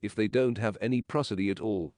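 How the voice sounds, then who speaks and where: A man narrating an English lesson in slow, measured, explanatory sentences. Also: lowish voice, a little mellow, no echo.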